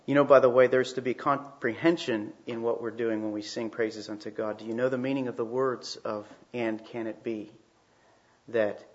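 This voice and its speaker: Male preacher, mid-pitched, emphatic, rhetorical, slightly lo-fi recording. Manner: emphatic, with rhetorical questions and repeated phrases. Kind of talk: sermon. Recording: slightly dull, lo-fi sound.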